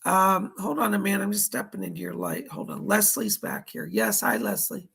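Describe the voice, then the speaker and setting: Man, psychic medium, live stream host, very gravelly, rough and raspy. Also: high voice, moderate pace, sharp tone. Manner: chatty, relays spirit messages, thanks viewers by name. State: dry throat, hoarse.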